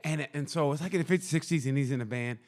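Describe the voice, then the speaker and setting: A man's voice: fairly high pitch, rapid-fire. A man co-hosting a casual comedy podcast, telling profane stories with acted-out quotes and lots of restarts. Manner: animated storytelling with acted-out quotes. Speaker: podcast co-host.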